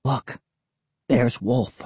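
A man's voice: medium pitch, drawn-out words, a little mellow, husky, no room sound. A man reading as a young boy in the swamp.

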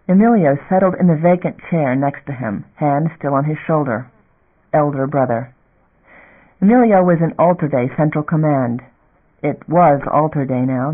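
A man reading a science fiction novel aloud in a measured narrator's voice. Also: a little high. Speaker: audiobook narrator. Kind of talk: scripted narration. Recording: tinny phone-like audio.

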